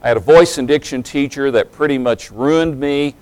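A man around forty, raised in East Tennessee but speaking in a general American accent, delivers a sermon at a middle pitch. He moves between relaxed, joking asides and more emphatic stretches of preaching. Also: normal speed, no echo, low-quality recording. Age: late 30s to early 40s. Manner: folksy and humorous, then rising to emphatic preaching.

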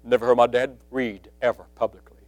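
A man preaching a sermon, telling a personal testimony and building from quiet storytelling to loud emphasis. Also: medium pitch, level tone, a little fast, no room sound.

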